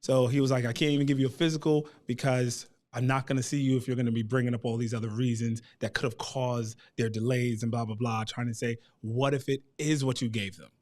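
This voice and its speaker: A man in his thirties as a guest, telling a personal family story in a lively way and acting out the voices of the people he quotes. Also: mid-range voice, a little fast, few pauses. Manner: animated, acts out quoted voices.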